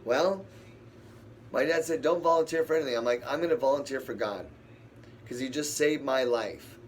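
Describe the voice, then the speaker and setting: A man's voice: mid-range voice, normal speed, slight background noise. A man leading a casual Bible study, rambling, thinking aloud and answering the verses he reads. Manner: rambling, thinks aloud and talks back to scripture.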